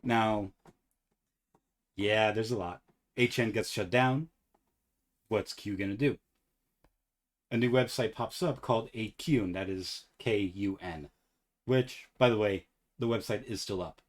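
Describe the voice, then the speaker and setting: A low-voiced man hosts a casual chat podcast. He tells his story in an animated way and laughs often. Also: measured pace, long pauses. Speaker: podcast host.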